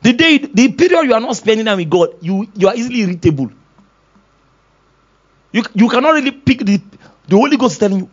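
Pastor, man; high, animated preaching that acts out scenes and voices, laughs often; slightly dull lo-fi recording. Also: fast talker, long pauses. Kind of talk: sermon. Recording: dull lo-fi sound.

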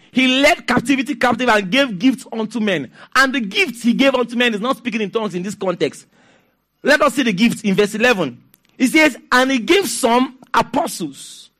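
A man with a Nigerian accent preaching a sermon as pastor, telling stories with laughter and asking the congregation to respond. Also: extremely high pitch. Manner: animated, storytelling with laughs and call-and-response.

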